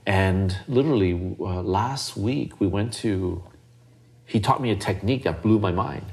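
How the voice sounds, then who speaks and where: Low-voiced man hosting a podcast. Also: a little slow, gravelly, a little mellow. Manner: earnest, searching for words with frequent restarts. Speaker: podcast host. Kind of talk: casual conversational podcast chat.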